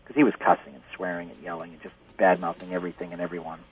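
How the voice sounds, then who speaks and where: A man who is a spiritual teacher, a guest telling a story in a gentle way and laughing often. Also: low-pitched, little pitch movement, racing, distant mic, low-quality recording. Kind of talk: casual storytelling.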